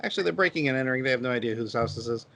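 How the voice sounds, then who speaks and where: Gravelly-voiced man chatting about anime. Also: mid-range voice, expressive, fairly bright tone. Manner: halting, filler-heavy storytelling. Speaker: podcast co-host. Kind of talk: casual anime podcast chat.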